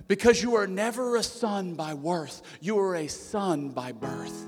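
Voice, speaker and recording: A man's voice: high-pitched, unhurried, few pauses. A man, preaching a sermon and telling family stories with acted quotes, building to emphatic repeated lines. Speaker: pastor. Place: church sanctuary. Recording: church hall reverb with soft instrumental music.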